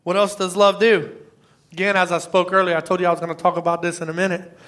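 A man's voice: high voice, flat delivery, fast talker, a bit bright. A middle-aged man preaching an earnest, emotional sermon with scripture readings. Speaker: pastor.

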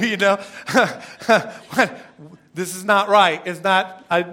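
Middle-aged male pastor, emphatic sermon delivery, tense bright tone, rhetorical questions. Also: high voice, slow pace. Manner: emphatic preaching, repeats phrases and asks rhetorical questions.

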